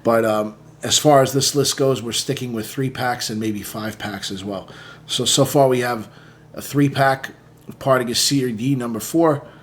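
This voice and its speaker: Male reviewer, mid-pitched, laid-back chatty delivery with lots of fillers, faint background hiss. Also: normal speed. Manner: relaxed, conversational, many fillers and "okay?" checks. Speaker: cigar reviewer. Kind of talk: casual review monologue.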